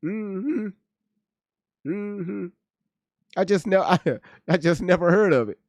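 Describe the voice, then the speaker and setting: Animated, profane male livestream host. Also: sits high, takes it slowly, no echo. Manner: animated, joking, profane, reads chat aloud. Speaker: livestream host reacting to news. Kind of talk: casual livestream commentary.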